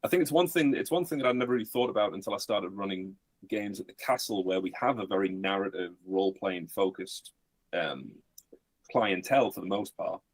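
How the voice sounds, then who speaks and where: A man with a low, husky voice chats about running games in a halting way, full of ums and restarts. He sits close to the mic in a dry space with no room sound. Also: no room sound. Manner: hesitant, many fillers and restarts. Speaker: game master. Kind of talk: casual podcast chat.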